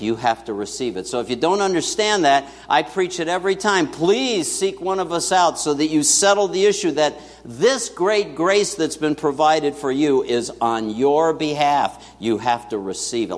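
A man preaching a sermon in a church to his congregation, talking in a lively, conversational way with asides to the listeners. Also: on the high side, moderate pace, few pauses, in a large hall. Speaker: pastor.

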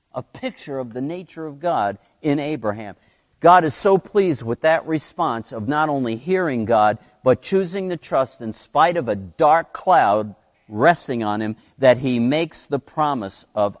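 A man preaching a sermon as pastor, with animated delivery, swinging his pitch and volume and acting out quotes. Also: in a large hall.

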